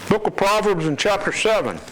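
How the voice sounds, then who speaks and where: A man's voice: high voice, animated, a little fast, background noise. A man preaching a sermon with emphasis, reading scripture aloud and repeating his words.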